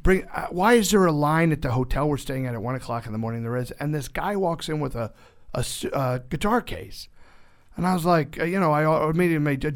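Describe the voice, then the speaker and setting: A man being interviewed, telling joking anecdotes in a casual, animated way, often interrupting himself mid-sentence. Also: a little high, brisk. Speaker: actor guest.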